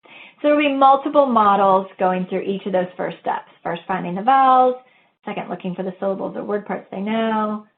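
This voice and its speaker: A woman's voice: medium pitch, moderate pace. Woman lecturing over tinny phone-like audio. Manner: methodical, walks through steps and models teacher talk. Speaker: webinar presenter on reading instruction. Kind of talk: explanatory lecture. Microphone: webinar audio.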